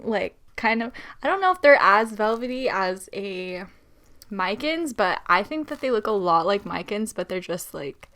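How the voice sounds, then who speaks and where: A young woman in a casual unboxing vlog who talks straight to her viewers, giggly and nervous with excitement. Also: on the high side, unhurried. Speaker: plant vlogger.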